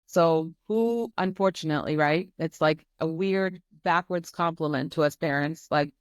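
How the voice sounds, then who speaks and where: A woman talks candidly as a podcast guest, earnest and emphatic. Her voice sits slightly low in pitch. The recording is close and dry, with no room sound. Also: normal speed, clear, resonant tone, dry recording. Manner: earnest and emphatic, speaks from experience. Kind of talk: candid conversational interview.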